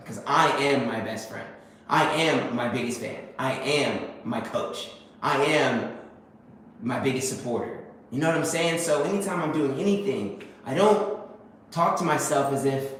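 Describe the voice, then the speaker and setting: A man's voice: a little high, a bit bright. A man giving a casual motivational monologue, full of fillers and repeated phrases. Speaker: host. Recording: very echoey room with faint noise.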